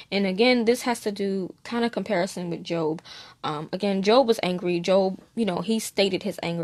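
A woman's voice: lowish voice, no echo. A young woman teaching a casual Bible study, candid and conversational with plenty of fillers.

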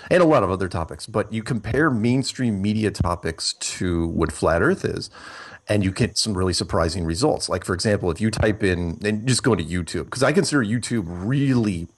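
Deep-voiced man rambling through an interview. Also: expressive, a little fast. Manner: rambling, thinks aloud with many fillers and restarts. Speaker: interview guest. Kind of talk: casual interview talk.

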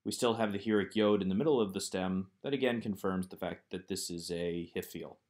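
A man's voice: sits low, fairly quick, darkish tone. A man teaching a recorded Hebrew grammar lesson, walking through workbook exercises one by one in a methodical, explanatory way.

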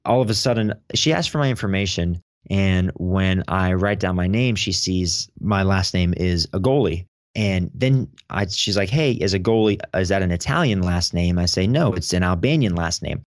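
A young man telling a story in an animated way as a podcast guest. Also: deep voice, moderate pace, hardly any pauses, no room sound, clean studio sound. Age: young adult. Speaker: podcast guest, teen podcast host. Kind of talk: casual interview storytelling.

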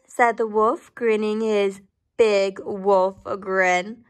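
A woman reading a storybook aloud to children, pausing to ask questions and dropping into soft whispered asides. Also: mid-range voice, fairly even intonation. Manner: gentle, asks the listener questions, whispered asides.

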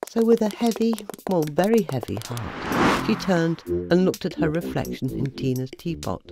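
A woman, a children's author, narrating a bedtime story in a playful, animated manner. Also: on the low side, creaky. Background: soft music.

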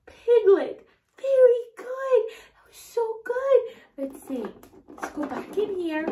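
A woman's voice: very high-pitched, reverberant. A woman teaching toddlers in a learning video, with sing-song speech, lavish praise and gasps of wonder. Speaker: toddler teacher and show host.

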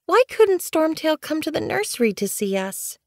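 A woman's voice: sits high, moderate pace, no room sound, clean studio sound, pitched above the performer's own voice. A woman voicing Snow Kit, a young she-kitten who whines and fidgets, in an audiobook. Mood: whiny. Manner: whining, excitable. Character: high whiny she-kitten, eager and pushy. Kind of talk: audiobook character voice.

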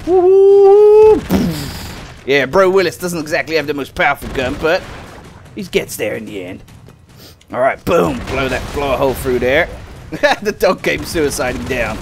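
Excitable gamer, lively pitch. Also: male voice, normal speed, creaky, background noise. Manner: excitable, self-mocking, talks to viewers. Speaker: gaming video host. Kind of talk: casual game commentary.

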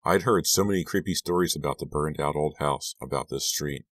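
A man narrating a scary audiobook in a measured, hushed storytelling manner, lifting his voice for the dialogue. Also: a bass voice, no echo, clean studio sound. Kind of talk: scripted narration.

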